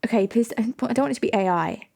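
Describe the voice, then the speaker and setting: A woman's voice: on the high side, animated, quick pace, vocal fry, warm tone. A young woman streaming live, chatting casually with viewers in a giggly, rambling, self-mocking way. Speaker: livestreamer.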